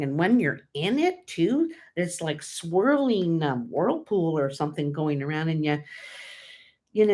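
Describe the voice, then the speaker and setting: A woman's voice: fairly low pitch, darkish tone. A woman hosting her own vlog, talking in a candid, casual way with many fillers and restarts. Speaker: tarot channel host. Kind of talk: casual personal vlog talk.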